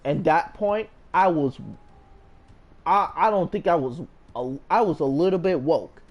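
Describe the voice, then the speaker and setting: A man's voice: a little high, measured pace. A man telling a story in a casual storytime monologue. He rambles with energy and keeps restarting his sentences. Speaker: storyteller vlogger.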